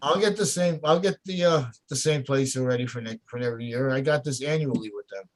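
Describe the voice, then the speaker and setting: A man's voice: mid-range voice, quick pace. A man chatting casually on a group video call, folksy and rambling, who often restarts his sentences. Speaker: contest organizer.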